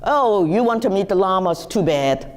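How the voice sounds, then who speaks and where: A woman putting on the voice of a brisk woman who turns visitors away curtly. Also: mid-range voice, lively intonation, pitched above the performer's own voice, close to an everyday voice. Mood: brusque.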